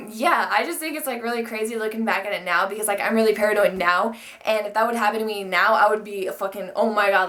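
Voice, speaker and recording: A woman's voice: on the high side, fairly bright tone. A young woman vlogger telling a personal story in a chatty, rambling way, full of fillers and frequent swearing. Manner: chatty, swears often, many likes and restarts. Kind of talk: casual storytime monologue.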